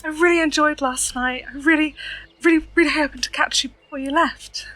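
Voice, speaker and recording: A woman's voice: high-pitched, steady tone, a little fast, bright, forceful tone, no echo. A woman voicing a flirty, short peasant fairy woman in a tabletop game, cooing and eager. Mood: coy, eager. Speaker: guest player.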